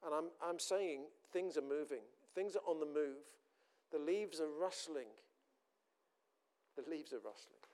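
Man, preacher, earnest sermon, fairly high voice, repeats lines for weight. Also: moderate pace, darkish tone, clear, resonant tone. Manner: earnest, repeats phrases for emphasis.

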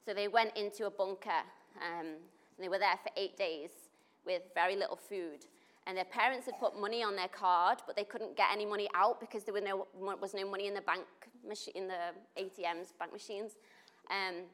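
A woman's voice: medium pitch, moderate pace. A woman tells a story in a loose, chatty way. She leans on fillers like 'like' and 'you know' and brings the moments to life. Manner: animated, full of 'like' and 'you know', acts out quotes. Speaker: volunteer helping refugees. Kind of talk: casual spoken storytelling.

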